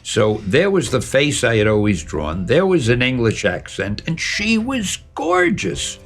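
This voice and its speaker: An older man being interviewed, telling stories from his life in an animated, lively way and acting out the dialogue. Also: medium pitch, a little slow, faint music behind. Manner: animated, lively storyteller who acts out dialogue. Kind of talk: storytelling interview.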